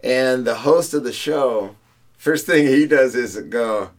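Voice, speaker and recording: A man's voice: medium pitch, slow pace. A man co-hosting a casual podcast chat, telling stories with lots of laughter and acted-out voices. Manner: animated storyteller, laughs a lot, acts out voices.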